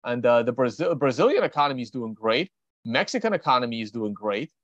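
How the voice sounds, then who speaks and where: A Russian man, a trader hosting a relaxed market-commentary stream, rambles bluntly and offhandedly as he thinks out loud. He speaks fast at a medium pitch, with lively intonation and a slightly bright tone, captured in a dry, somewhat dull recording.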